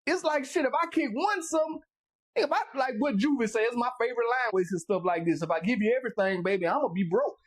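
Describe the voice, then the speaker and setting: A man from Louisiana hosting a talk show, animated and emphatic in casual chat. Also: extremely high pitch. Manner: animated, emphatic, quick interjections.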